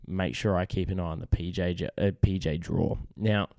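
Young Australian bloke, low mellow voice going a bit rough, casual matey podcast host, dry close sound. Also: male voice, steady tone, fairly quick, dry recording. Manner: laid-back, matey, swears freely. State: losing his voice. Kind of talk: casual chat.

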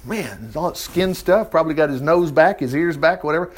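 A man's voice: fairly high pitch, fairly quick. A man preaching in a folksy way, reading scripture aloud and breaking off into joking asides. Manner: folksy, animated, reads scripture then riffs with jokes and laughs. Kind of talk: conversational Bible teaching with asides.

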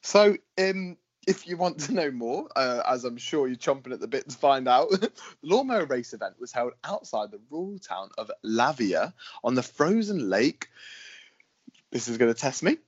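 A man's voice: medium pitch, sing-song, moderate pace, husky, dull audio. Chatty man on a podcast. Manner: chatty, laughs often, restarts a lot. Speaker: podcast co-host. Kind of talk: casual podcast chat.

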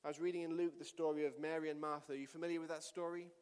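A male pastor preaching a sermon and telling a story with lively delivery that rises to shouts. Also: a little high, rapid-fire, clear, resonant tone. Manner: animated storytelling, shouting at climaxes. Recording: long reverb of a hall.

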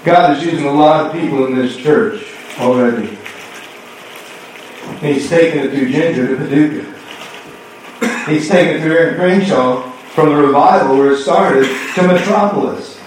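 A man preaching a sermon as pastor, telling a story and acting out both sides of a conversation with lively swings in voice. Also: fairly high pitch, normal speed, long pauses, a little hiss or hum. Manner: animated storytelling, acting out dialogue. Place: church sanctuary. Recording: echoey hall from far off.

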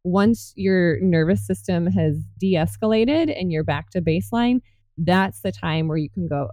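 Woman host, lower voice, dark and dry sound, emphatic and affirming. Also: a little slow, no echo. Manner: emphatic, affirming, builds on guest's points. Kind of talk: casual conversational talk.

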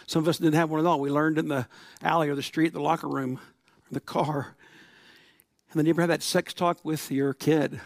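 A man's voice: fairly high pitch, little pitch movement, brisk, creaky, dry recording. A middle-aged man preaching a sermon to his congregation in a church, telling stories and acting out quotes. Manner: storytelling with laughs and acted-out quotes. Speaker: pastor.

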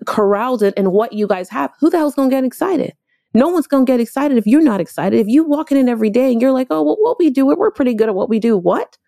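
A woman who owns businesses giving an emphatic, animated business talk, repeating her points for effect, raised in Miami. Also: medium pitch, dry recording, clean studio sound. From Miami, Florida. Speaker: business owner.

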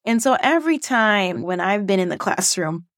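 A woman's voice: medium pitch, moderate pace, no echo. Playful woman podcast host, dry sound. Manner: playful and animated, acting out voices. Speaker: podcast host and former teacher. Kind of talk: casual reflective monologue.

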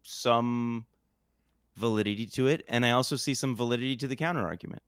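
Man asking measured questions. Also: medium pitch, smooth, no room sound, studio quality. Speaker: podcast co-host. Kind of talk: podcast discussion.

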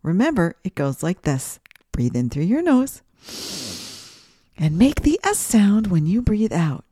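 A woman's voice: mid-range voice, sing-song, unhurried, mellow, breathy edge, dry recording, clean studio sound. A woman hosting a children's podcast, reading a story aloud and guiding breathing exercises in a sing-song, guiding way.

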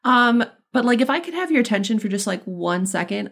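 A woman's voice: fairly high pitch, expressive, brisk, gravelly. A woman playing a tabletop game who chimes in with giggly, chatty asides. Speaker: player.

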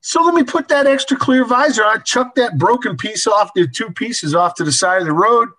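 An older man telling a casual anecdote in an animated, folksy way, chuckling as he goes. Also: high-pitched, moderate pace, rough recording. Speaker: storyteller.

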